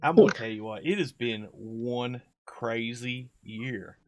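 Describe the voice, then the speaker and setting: A man's voice: medium pitch, takes it slowly, slight background noise. A man, hosting a live stream in casual, rambling chat full of fillers and laughs.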